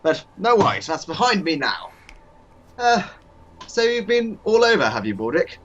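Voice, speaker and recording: A man's voice: high voice, very animated, moderate pace, a bit bright, slight background noise, voice pushed up. Give me a fussy, plummy master, as a man puts him on, condescending and muffled.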